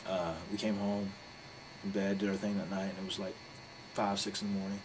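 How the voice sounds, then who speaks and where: A man's voice: deep voice, brisk, low-quality recording. A man giving a candid interview, telling a story in a blunt, profane, rambling way. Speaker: interview guest, pro wrestler. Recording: steady background noise.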